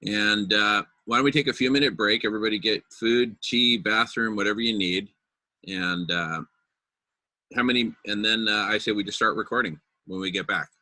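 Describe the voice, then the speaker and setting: A man's voice: on the low side, moderate pace, bright, forceful tone, no echo. A man hosting a casual group video call, upbeat and enthusiastic. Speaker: meeting host.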